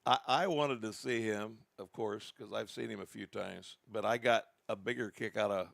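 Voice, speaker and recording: A man with a low, heavily gravelly voice tells rambling stories in a relaxed podcast chat. He backs up and restarts as he goes. The sound is dry and close, with no room echo. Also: normal speed. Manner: rambling anecdotal storytelling with restarts. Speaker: podcast co-host. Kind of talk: casual storytelling chat.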